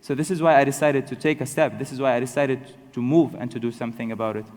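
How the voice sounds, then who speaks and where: A young man giving a personal storytelling talk to an audience, halting and self-correcting but good-humored. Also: mid-range voice, steady tone, darkish tone. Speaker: speaker telling his story to an audience. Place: large hall with an audience. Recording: long hall reverb.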